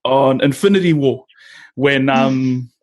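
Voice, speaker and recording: A young man hosting a casual chat with friends, animated and laughing a lot as he acts out film lines in voices. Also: medium pitch, takes it slowly. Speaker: podcast host.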